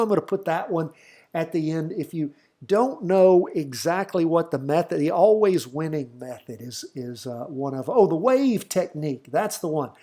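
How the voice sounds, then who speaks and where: Middle-aged southern guy chatting thru his trades, kinda high voice, folksy and rambling. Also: a little mellow. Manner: folksy, chatty, thinks aloud with fillers. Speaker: trading channel host. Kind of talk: casual market commentary over charts.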